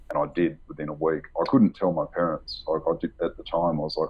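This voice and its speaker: A man being interviewed about his book, telling a personal story in a halting, rambling way with many fillers and nervous laughs. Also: a bass voice, little pitch movement, breathy edge, highs cut off. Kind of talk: candid conversational storytelling.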